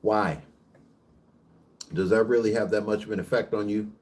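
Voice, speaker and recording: A man hosting his own vlog, ranting in a casual monologue that is preachy, profane and emphatic, with rapid bursts and frequent restarts. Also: lowish voice, fairly even intonation, a little mellow. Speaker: vlog host.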